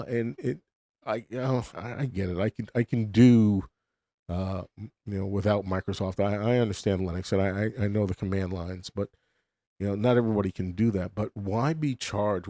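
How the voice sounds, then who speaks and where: A man's voice: lowish voice, dark tone, no echo, studio quality. A middle-aged man hosting a podcast, rambling bluntly through a casual monologue full of restarts and swearing. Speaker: podcast host.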